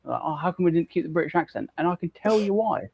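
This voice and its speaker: A man's voice: on the high side, expressive, fast talker, gravelly, husky, no room sound, dull audio. A man co-hosting a live stream in a casual, joking way, swearing freely. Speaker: co-host.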